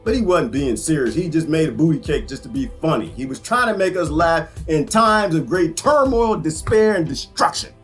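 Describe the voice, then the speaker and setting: Man, middle-aged, joking political rant, lively pitch, faint music behind. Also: normal speed, hardly any pauses. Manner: animated, joking, laughs often, Southern US slang. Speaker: vlogger.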